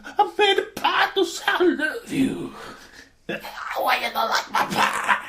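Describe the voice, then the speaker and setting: A man voicing a comically wounded Russian officer who pleads in a heavy put-on accent, squeaking and shouting. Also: animated, takes it slowly, echoey room, slight background noise, exaggerated voice. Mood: wounded pleading.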